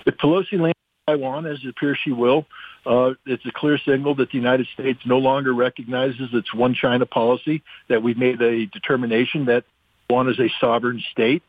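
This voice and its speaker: A blunt, forceful man speaks over a tinny telephone line as a radio guest. He hammers his points home with emphasis, in a mid-range voice. The line is dry, with no room sound around it. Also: mid-range voice, steady tone, a little fast, no room sound. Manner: blunt, emphatic, acts out quotes in mocking voices. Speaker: guest analyst, former weapons inspector. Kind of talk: radio call-in commentary. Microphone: phone line.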